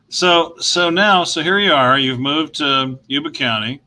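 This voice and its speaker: A man's voice: on the high side, measured pace, sharp tone, low-quality recording. A man hosting a casual interview, asking questions and encouraging his guest with short replies. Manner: encouraging, frequent short affirmations. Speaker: host.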